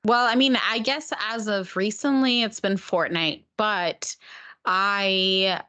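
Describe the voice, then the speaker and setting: A woman's voice: medium pitch, fairly even intonation, slow pace, pushed and bright. Giggly woman streamer chatting. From Oregon, USA. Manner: bubbly, laughs often. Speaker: guest streamer and dancer. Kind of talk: casual podcast chat.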